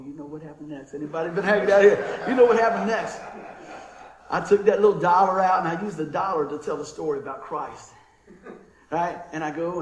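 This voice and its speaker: Animated high-voiced preacher, echoey room. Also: male voice, a little hiss or hum. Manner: animated, folksy storytelling with laughter. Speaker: pastor. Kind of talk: sermon storytelling.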